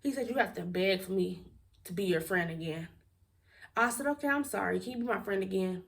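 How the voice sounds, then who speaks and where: A woman's voice: mid-range voice, brisk, distant mic. A young woman telling a storytime to her viewers in a casual, blunt, outspoken way, laughing and swearing as she goes. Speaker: storytime vlogger.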